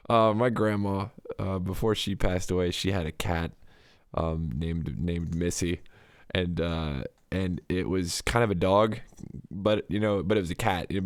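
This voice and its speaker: A man's voice: low-pitched, dry recording, studio quality. A young man hosting a music review livestream, chatting loosely with frequent laughs and fillers. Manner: rambling, laughs often, lots of "like" and "you know". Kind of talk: casual chat.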